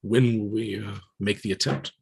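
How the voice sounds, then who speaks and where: A man playing in a tabletop role-playing game, talking things through haltingly, partly in character. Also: on the low side, creaky, breathy edge. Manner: halting, thinks aloud with restarts. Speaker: player. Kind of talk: casual tabletop role-play.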